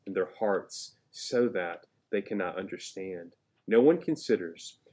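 A man's voice: fairly low pitch, warm tone. A man preaching a conversational sermon, reading scripture aloud with emphasis and asking his listeners questions. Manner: conversational, asks the listeners questions, jokes and laughs. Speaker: pastor.

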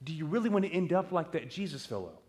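A man's voice: fairly high pitch, big pitch swings, quick pace, a little mellow. A man voicing a pagan Roman mother and father who scold their son for turning Christian. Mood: alarmed. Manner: scolding, urgent. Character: alarmed pagan Roman parents, stern and fearful.

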